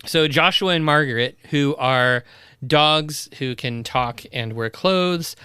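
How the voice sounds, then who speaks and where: Man, podcast co-host, casual chat, dry humor, smooth clear voice, dry close sound. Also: on the high side, takes it slowly, bright, forceful tone, no room sound.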